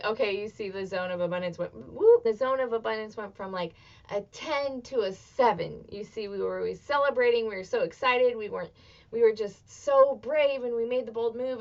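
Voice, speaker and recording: A woman in her thirties hosting a motivational solo podcast, talking expressively and swearing freely, with bursts of excitement. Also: fairly high pitch, moderate pace, lo-fi sound. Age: 30s. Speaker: podcast host.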